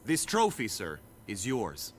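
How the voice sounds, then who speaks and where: An earnest, courtly young knight. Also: male voice, fairly low pitch, wildly swooping pitch, takes it slowly, slightly rough, exaggerated voice. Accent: mixed British Isles-like accent. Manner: formal, old-fashioned courtly speech. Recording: game audio with faint noise.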